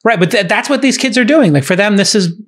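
A middle-aged man hosting a podcast, telling stories in animated, laughing casual chat. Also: sits high, fast. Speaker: podcast host.

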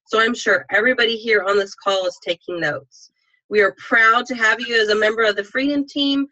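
A woman hosts a team conference call. Her voice sits a little high and bright, and she gushes warm praise and congratulations. She apologizes freely for glitches. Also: poor audio. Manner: effusive, apologetic, heaps on praise.

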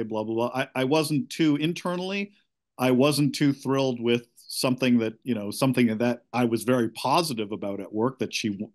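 Speaking at medium pitch, this middle-aged man describes his marriage frankly to a coach, his account halting and full of restarts.

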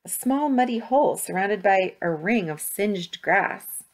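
A woman voicing a quick, eager young boy in a read-aloud storybook, with an urgent manner. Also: mid-range voice, lively intonation, natural voice.

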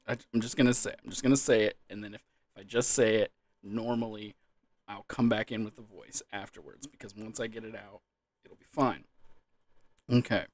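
A man's voice: fairly low pitch, steady tone, fairly quick. A man talking casually in a solo video with a dry mouth, repeatedly losing his composure in fits of laughter, recorded close to the microphone. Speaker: gaming video creator. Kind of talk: casual solo vlog talk.

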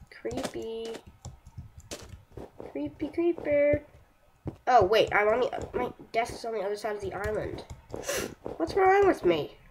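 A young woman chatting through her own gameplay, excitable and self-mocking, yelping and shouting at enemies between slow, rambling remarks. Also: medium pitch, background noise. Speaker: gameplay streamer. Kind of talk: casual live commentary while playing a game.

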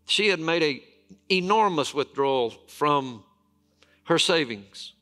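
A man, a lead pastor, preaching a sermon as a storyteller, with dramatic pauses and emphatic repetition. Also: on the high side, lively intonation, pushed and bright, faint music behind.

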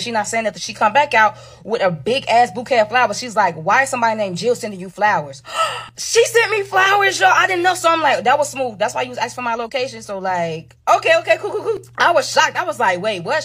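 Brief: woman, husky and a bit high, rapid slangy storytime with lots of asides to the audience. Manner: dramatic, slangy, addresses viewers as y'all. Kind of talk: animated storytime reading.

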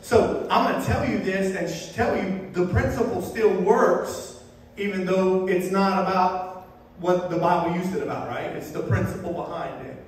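A man from Florida preaches a sermon in a church, with a fairly high voice. He tells stories in a loose, conversational way with touches of humor. The sound is heavily echoey and comes from some distance off the mic. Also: moderate pace. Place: church sanctuary. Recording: echoey hall, voice far from mic, faint noise.

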